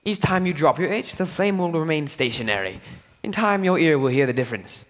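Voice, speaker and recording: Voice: mid-range voice, lively intonation, fairly quick, natural voice. A fussy, exasperated male professor, played by a performer in a school stage musical. His lecturing voice swoops up and down as he drills his pupil over and over. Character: Professor Higgins, a fussy, impatient male phonetics professor. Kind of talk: live stage musical acting.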